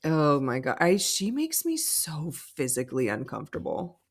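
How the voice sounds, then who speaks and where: A woman's voice: sits low, moderate pace, slightly rough. A woman co-hosting a podcast, recapping reality TV in casual, chatty talk full of "like" and laughter. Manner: chatty, animated, lots of "like", laughs often. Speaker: podcast co-host.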